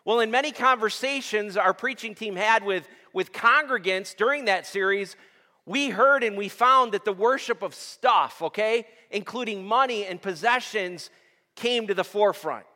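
A man's voice: high voice, moderate pace, bright, forceful tone. A male pastor preaching a sermon to his congregation, asking them questions and waiting for answers. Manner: addresses the congregation with call-and-response questions. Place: church sanctuary. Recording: long hall reverb.

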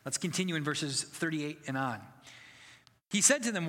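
A man's voice: fairly high pitch, expressive, normal speed, pushed and bright, long reverb tail. A man preaching a sermon as pastor, earnest and conversational, building to emphatic passages.

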